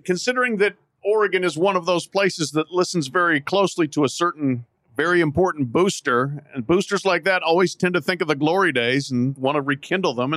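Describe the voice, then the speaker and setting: A man's voice: a little high, a bit bright, no room sound, clean studio sound. A man talking as a sports columnist guest on a podcast from an outdoor patio, chatty with many restarts and fillers. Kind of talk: casual sports podcast chat.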